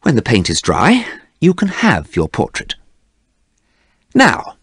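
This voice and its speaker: An earnest, hurt painter speaks with firm sincerity, as a male narrator puts him on. His pitch moves a lot. The sound is close and dry. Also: wildly swooping pitch, takes it slowly, fairly bright tone, breathy edge, dry recording, heavily acted. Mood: calm.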